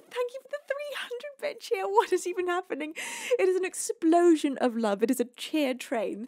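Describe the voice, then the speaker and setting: A woman's voice: high voice, darkish tone, no echo. A woman from the UK hosting a live music stream, gushing with thanks to her viewers, giggly and emotional, close to tears. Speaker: livestream music host.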